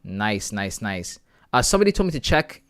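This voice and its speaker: A man's voice: on the low side, sing-song, normal speed, fairly bright tone. Chatty man streaming from home. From Canada. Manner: chatty, reading viewer messages aloud and answering them. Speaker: live-stream host. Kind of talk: casual live-stream chat. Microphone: sensitive desk mic close up.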